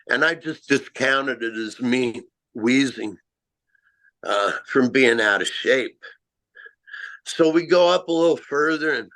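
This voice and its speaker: A middle-aged man telling a first-person story of a strange encounter, halting and self-mocking, with frequent restarts. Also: medium pitch, fairly bright tone, poor audio. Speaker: amateur Bigfoot researcher.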